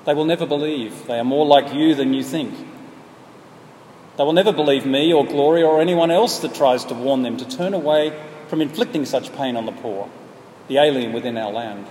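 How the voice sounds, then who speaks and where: A kindly gardener who answers gently and firmly, voiced by a preacher. The voice stays soft and measured, close to the preacher's own mid-range. It echoes in a large hall. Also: male voice, mid-range voice, lightly acted. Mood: solemn. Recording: echoey hall, faint background noise.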